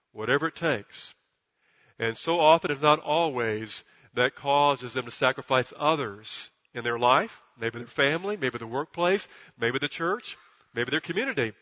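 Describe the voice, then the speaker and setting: A male pastor preaching a sermon in church, emphatic and repeating himself, climbing to loud peaks and stumbling over words at times. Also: medium pitch. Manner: stutters at times. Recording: dull recording with long church reverb.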